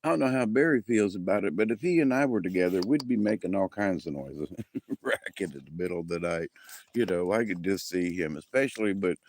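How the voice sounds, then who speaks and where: A man's voice: deep voice, lively intonation, brisk, darkish tone. A man, chatting casually to a live audience outdoors at night in a folksy, meandering way. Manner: folksy and meandering, with frequent restarts. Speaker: livestream host. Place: outdoors at night by his house. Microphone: handheld camera.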